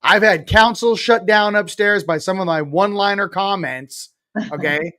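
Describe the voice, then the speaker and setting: The guest, a man in his forties with a voice a touch higher than the typical male, moves at a moderate pace in a pushed, bright tone during this relaxed spiritual interview. Sarcastic and self-mocking, he speaks bluntly and with emphasis, swearing casually along the way.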